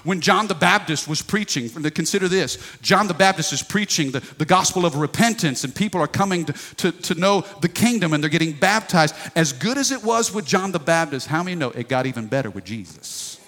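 A man's voice: on the high side, expressive, brisk, few pauses, a bit bright. A pastor in his forties preaching a sermon, folksy and emphatic, calling for responses from the congregation. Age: 40s. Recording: long reverb of a large hall.

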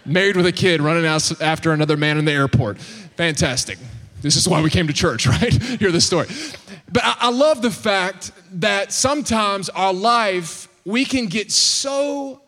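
A man in his thirties preaching in church, telling a funny story in an animated, excitable, self-mocking way. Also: high-pitched, moderate pace. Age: 30s. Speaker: pastor. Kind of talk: humorous storytelling sermon. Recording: long hall reverb.

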